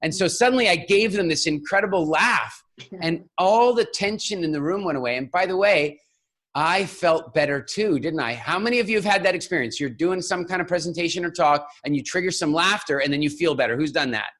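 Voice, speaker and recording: Animated high-voiced male storyteller. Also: fairly quick. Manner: animated, acts out voices and laughs through his story. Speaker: public speaking coach. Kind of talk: storytelling keynote talk.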